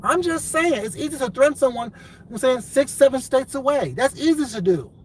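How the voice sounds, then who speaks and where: In a ranting commentary vlog, a high-voiced man with lively intonation talks briskly, confronting his viewers head-on with plenty of profanity and the same point repeated over and over. The audio is poor, with faint background hiss.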